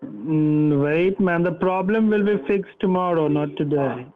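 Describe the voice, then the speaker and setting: A man's voice: fairly high pitch, unhurried. A man working as a phone scammer, persistently repeating scripted instructions. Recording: tinny phone line.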